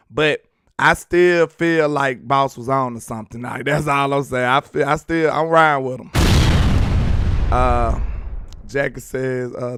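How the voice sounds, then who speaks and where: A man's voice: fairly high pitch, a bit bright, clean tone, dry recording, studio quality. Laid-back slangy man hosting a sports stream. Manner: laid-back slangy banter, laughs often. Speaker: sports talk livestream host. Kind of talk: casual live chat reading comments.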